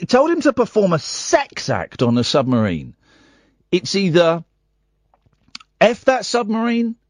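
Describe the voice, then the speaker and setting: A radio host man with a wildly lively, swooping delivery and a slightly raised pitch. He rambles through stories and needles his callers with sarcasm, recorded close and dry. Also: no room sound. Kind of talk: comic talk radio.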